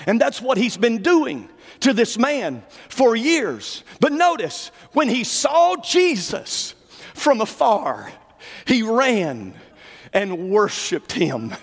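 A male preacher delivering a fervent sermon, dropping to low asides and rising to shouted declarations. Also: very animated, slow pace, husky, long reverb tail.

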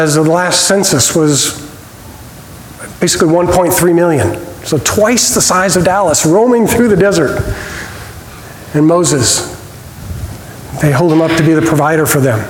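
A man teaching a church Bible study, conversational with small restarts, reading scripture with expressive emphasis. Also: a little high, normal speed. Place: church hall. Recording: roomy hall reverb, faint noise.

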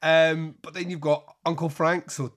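A man's voice: fairly high pitch, little pitch movement, measured pace. A man telling rambling, sweary anecdotes in casual podcast chat, laughing often. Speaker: podcast co-host.

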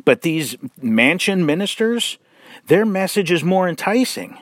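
A man preaches in a slow, measured delivery, leaning hard on words for emphasis. He is blunt and mocking, with sarcastic asides. The sound is close and dry, with no room around it. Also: sits high, very animated, dry recording. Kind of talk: sermon-style commentary.

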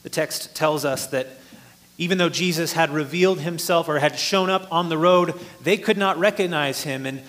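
A man's voice: fairly high pitch, moderate pace, fairly bright tone. A man preaching a sermon, explaining a passage earnestly and rising in force for emphasis.

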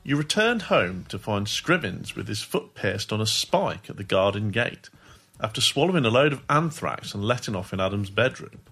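A male podcast co-host reading listener submissions aloud, with a husky voice and a swooping delivery. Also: on the low side, very animated, moderate pace, bright, forceful tone.

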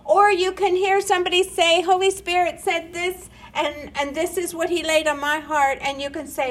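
A woman's voice: extremely high pitch, flat delivery, moderate pace, few pauses, a little hiss or hum, low-quality recording. A woman preaching a sermon, earnest and rising into emphatic questions.

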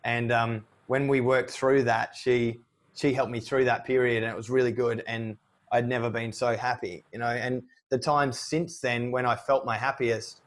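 A man, probably in his thirties, speaking candidly in a personal conversation, reflective and animated when he retells what he said. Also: mid-range voice, moderate pace. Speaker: guest.

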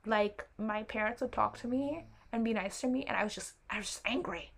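This young vlogger has a medium-pitched, creaky voice and talks a little fast while sharing a story to camera. Her telling is loose and rambling, animated and chatty, with playful, apologetic side comments as she drifts off topic.

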